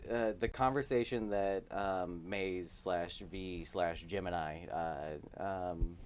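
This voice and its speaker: A man's voice: low voice, takes it slowly, slight background noise. A man co-hosting a casual live-stream chat, rambling through stories and laughing as he goes. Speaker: podcast co-host.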